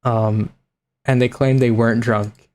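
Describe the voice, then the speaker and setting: Young adult man, mid-pitched, chatting casually on a stream and laughing often as he reacts to clips. He swears offhandedly and keeps a relaxed, joking tone throughout. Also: unhurried.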